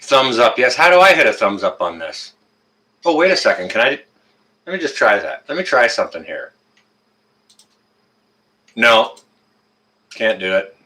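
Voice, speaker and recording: A man's voice: medium pitch, very animated, normal speed, long pauses, pushed and bright. A man with a Canadian accent hosting a casual live-stream chat on a webcam and greeting viewers one by one by name. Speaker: livestream host.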